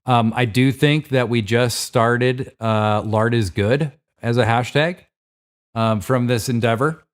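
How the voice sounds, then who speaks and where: A man hosting a live show, reading listener writings aloud in a relaxed way, with fillers and stumbles over names. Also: medium pitch, takes it slowly, clean tone. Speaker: host.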